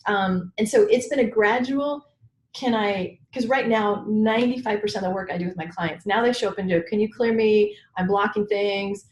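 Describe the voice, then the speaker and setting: A woman coach, a guest expert in an interview, telling her story in an animated way with laughs. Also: mid-range voice, a little fast, roomy sound, slight background noise. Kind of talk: conversational interview.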